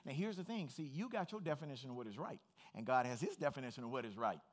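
A man's voice: mid-range voice, expressive, fast talker. A male pastor preaching an emphatic sermon, repeating phrases and building to fervent peaks. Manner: emphatic, repeats phrases, rises to shouting fervor.

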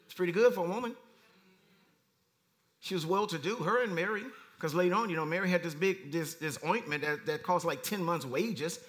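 A man preaching a conversational sermon, reading verses and commenting with animated swings from quiet asides to loud emphasis. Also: high voice, brisk.

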